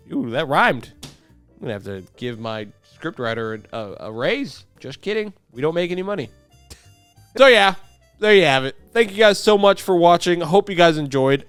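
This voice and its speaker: A young man hosts a video in a clear, resonant voice that sits on the high side and sounds a bit bright, with no echo. He reads a script aloud but keeps breaking off for sarcastic jokes and little chats with his dog.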